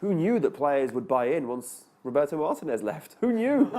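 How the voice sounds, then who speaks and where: A man's voice: a little high, very animated, unhurried, darkish tone. A man on a sports panel, chatty and self-mocking as he explains his fantasy football picks. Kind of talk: casual sports chat.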